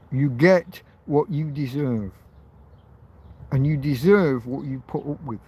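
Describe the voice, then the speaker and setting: A man's voice: mid-range voice, slow pace, a little mellow, husky. A man hosting an informal livestream, ranting heatedly and swearing, with phrases repeated for emphasis. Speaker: livestream host.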